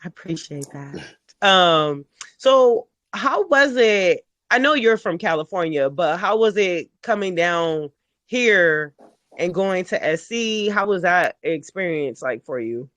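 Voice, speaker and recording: A man from Los Angeles hosting a casual interview, animated and playful, acting out quotes in funny voices. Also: sits high, takes it slowly, dry recording. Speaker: podcast host.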